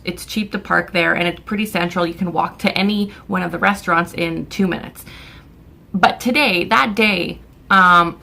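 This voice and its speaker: A woman's voice: fairly low pitch, vocal fry, bright, forceful tone. A young Canadian woman vlogging a casual storytime, ranting in exasperation and swearing freely as she tells it.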